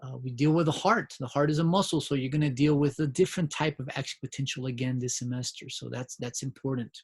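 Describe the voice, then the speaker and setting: With a slightly rough, mid-range voice and fairly even intonation, this man races through a recorded biology review lecture. He talks to students casually, repeatedly asking "right?" and restarting what he was saying.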